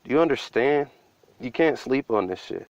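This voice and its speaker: A man's voice: mid-range voice, expressive, normal speed, a little mellow, no room sound, highs cut off. A man giving a profane, conspiratorial commentary breakdown of a video.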